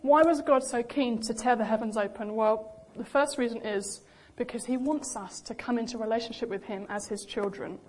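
A young woman preaching a sermon in a lively, animated way, acting out the voices she quotes. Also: a little high, normal speed, few pauses, a little hiss or hum. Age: young adult.

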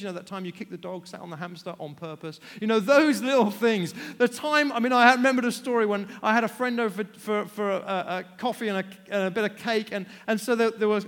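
An animated male preacher with a high-set voice, telling stories conversationally. He pokes fun at himself. His words ring through a hall with long reverb. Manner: animated, conversational, self-deprecating. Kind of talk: storytelling sermon.

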